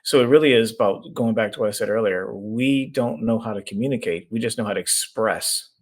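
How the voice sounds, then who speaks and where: A middle-aged man, an executive coach guesting on a podcast, explaining his ideas through lively stories and acted-out voices. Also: on the low side, a little fast. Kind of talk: conversational storytelling.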